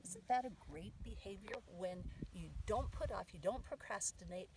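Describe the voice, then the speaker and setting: A woman teaches a family practice outdoors in a relaxed, conversational way, stressing each affirmation out loud. The mic sits some way off and picks up faint hiss along with her voice. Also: medium pitch, moderate pace, distant mic. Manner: lively, says the affirmations out loud with emphasis. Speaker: mother teaching the medicine wheel. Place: outdoors on a sand dune.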